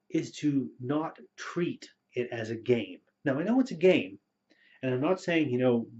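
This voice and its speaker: A man talking through role-playing tips in a relaxed, rambling way, with many fillers, as a game storyteller. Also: mid-range voice. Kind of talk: casual spoken advice video. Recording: dull lo-fi recording.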